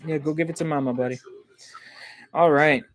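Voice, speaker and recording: A man hosting a livestream football reaction, excitable and quick to get indignant at calls, loose and rambling with many ums. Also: on the high side, slight background noise. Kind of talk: live football reaction commentary.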